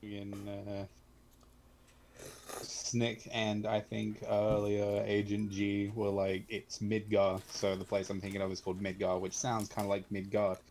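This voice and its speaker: A man's voice: lowish voice, monotone, measured pace, darkish tone, a little hiss or hum. A man on a voice call who talks dryly and pedantically and corrects the others. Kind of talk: casual chat on a voice call.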